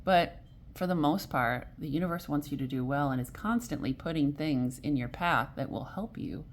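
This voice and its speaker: Low-voiced woman giving a rambling tarot reading. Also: lively intonation, normal speed, slight background noise. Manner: rambling, self-correcting, often laughs; gentle and encouraging. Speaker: tarot reader. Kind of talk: casual weekly tarot reading.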